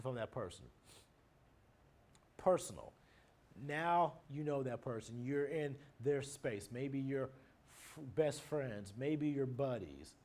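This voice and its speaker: A man's voice: mid-range voice, mellow. A married man teaching a class, explaining terms one by one with everyday examples in a plain lecture manner. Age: adult, married. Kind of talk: recorded lecture on nonverbal communication.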